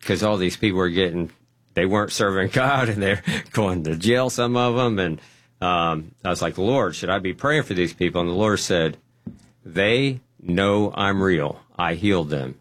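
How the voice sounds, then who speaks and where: A man telling a personal testimony story, animated and acting out the quotes. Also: sits low, moderate pace. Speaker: guest.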